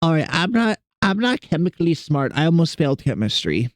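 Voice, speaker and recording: A man's voice: a little high, very animated, a little fast, no echo, clean studio sound. A man streaming and chatting casually with his viewers, rambling and self-deprecating as he greets people in chat.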